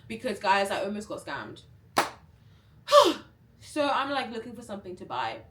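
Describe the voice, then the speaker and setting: Young woman, chatty storyteller, mid-pitched voice, faint hiss behind. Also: normal speed. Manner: chatty, animated storytelling, filler "like" throughout. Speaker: vlogger. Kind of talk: casual storytime.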